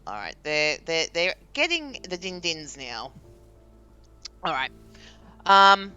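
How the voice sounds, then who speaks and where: A young woman chats her way through a live game stream, laughing often and animated. Her voice sits a little low but swings widely in pitch, with a bright, clean, crisp tone, and she takes her time over her words. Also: takes it slowly, lo-fi sound, faint music behind. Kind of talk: casual live-stream chat.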